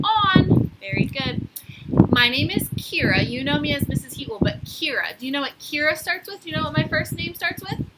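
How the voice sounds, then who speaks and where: A woman teacher giving a phonics lesson to young children, slowly sounding out letters with encouragement, outdoors on a deck. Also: sits high. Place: outdoors on a deck by a lake, rain starting. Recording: loud outdoor noise.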